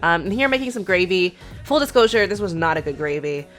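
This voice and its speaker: Woman w a stuffy sick voice, low pitched, rambly food vlog chat, soft music under it. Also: animated, quick pace. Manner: chatty, rambling, lots of "like" and "um". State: sick, congested voice. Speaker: food vlogger. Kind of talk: casual vlog narration.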